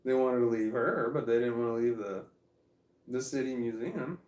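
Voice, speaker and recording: A man's voice: mid-range voice, moderate pace, darkish tone, far from the mic. Rambling, cursing man in an echoey room. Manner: rambling, profane, frequent restarts. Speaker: vlogger. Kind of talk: casual storytelling.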